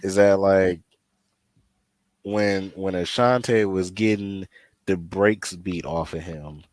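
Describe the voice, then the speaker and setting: A man's voice: sits low, takes it slowly, dry recording. Slangy podcast guy, dry close sound. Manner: animated storyteller, slangy, repeats himself. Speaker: podcast co-host. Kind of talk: casual chat.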